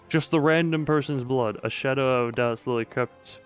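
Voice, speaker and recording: A man's voice: medium pitch, fairly even intonation, moderate pace, few pauses, faint music behind. A young man streaming a horror visual novel, reading the text aloud and cutting in with dry jokes. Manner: dry, joking commentary between narration.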